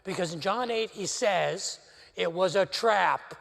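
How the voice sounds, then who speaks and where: High-voiced, gravelly preacher in a church hall. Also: male voice, unhurried. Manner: animated storytelling preacher, wry humor. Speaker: pastor. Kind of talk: sermon. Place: church sanctuary. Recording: live church stream with long hall reverb.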